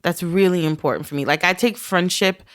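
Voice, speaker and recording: A woman in her thirties with a fairly low voice speaks as a podcast guest in relaxed conversation. She is earnest and heartfelt, laughing often and growing emotional as she tells personal stories. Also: a little fast. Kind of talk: casual conversation.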